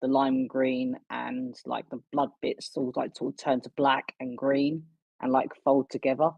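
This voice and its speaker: A man's voice: medium pitch, flat delivery, normal speed, vocal fry, a little mellow, husky, dry recording. A man playing in a tabletop role-playing game, describing what his character does in a hesitant, filler-heavy way. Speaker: player. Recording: dull, dry lo-fi recording.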